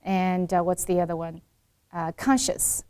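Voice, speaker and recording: A woman's voice: fairly low pitch, little pitch movement, measured pace, mellow, smooth. A woman accent coach giving a pronunciation lesson, explaining by saying the right and the wrong way side by side.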